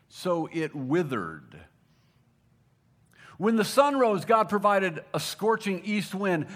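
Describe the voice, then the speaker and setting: A man preaching a sermon, moving between emphatic repetition and quiet, intense asides. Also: sits high. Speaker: pastor.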